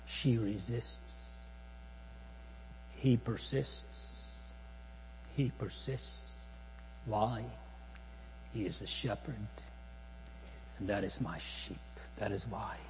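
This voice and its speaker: A man preaching a solemn sermon, slow and measured, rising to emphatic phrases and sinking almost to a whisper. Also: on the low side, steady tone, darkish tone. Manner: slow, solemn preaching with long pauses, swelling and dropping to near-whisper. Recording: long hall reverb, faint mains hum.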